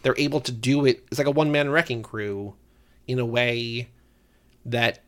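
A man's voice: mid-range voice, flat delivery, moderate pace, fairly bright tone. A man co-hosting a podcast in casual chat, enthusiastic and full of "like" fillers. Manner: enthusiastic, leans heavily on "like". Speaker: podcast co-host.

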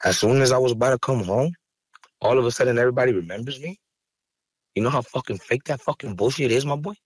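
A man's voice: medium pitch, quick pace, slightly rough, no room sound. Podcast guest: man, heated and profane, dry close studio sound. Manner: raw, angry, profane, rising to heated outbursts. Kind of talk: emotional interview talk.

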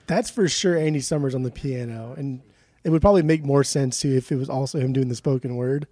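A man's voice: mid-range voice, dark tone, no echo. A man co-hosting a casual music podcast, joking easily and laughing at himself. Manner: joking, easygoing, quick to laugh. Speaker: podcast co-host. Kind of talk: casual chat about music.

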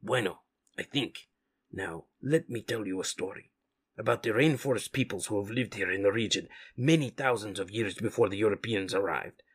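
A man doing a solemn husky jaguar mutant. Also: lowish voice. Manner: measured, solemn, sprinkled with Spanish words. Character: wise male jaguar mutant, solemn jungle protector.

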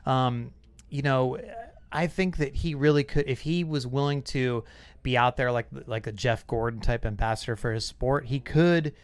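Podcast guy rambling about racing, smooth clear voice, dead dry sound. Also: medium pitch, moderate pace, no room sound. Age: 30s or 40s. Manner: chatty, self-deprecating, retells stories with little voices. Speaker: podcast host. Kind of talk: casual podcast chat.

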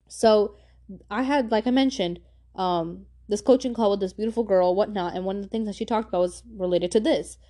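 A woman's voice: mid-range voice, dark tone. A young woman hosting a podcast, giving casual advice in a slangy, emphatic way and repeating points for stress. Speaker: podcast host.

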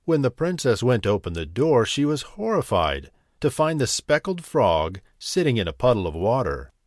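A man hosting a bedtime story channel, reading a fairy tale gently. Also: medium pitch, sing-song, normal speed, no room sound, clean studio sound. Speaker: storyteller host.

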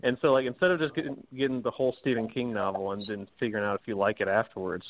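A man in casual podcast talk as a wrestling insider, venting about fans in an animated way, laughing often. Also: lowish voice, very fast. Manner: animated, mocks fans in exaggerated quoted voices, laughs often. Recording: dry, tinny phone-like sound.

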